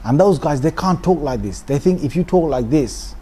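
A middle-aged man from the United Kingdom, telling stories to a congregation in an animated, humorous way. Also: on the high side, moderate pace, breathy edge. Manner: animated, humorous storytelling with frequent restarts. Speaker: Islamic speaker. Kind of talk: informal talk to a congregation.

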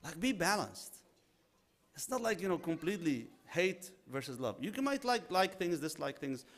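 A man preaching a sermon, animated, acting out little dialogues and mixing in Arabic religious phrases. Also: on the high side, moderate pace. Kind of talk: sermon on marriage.

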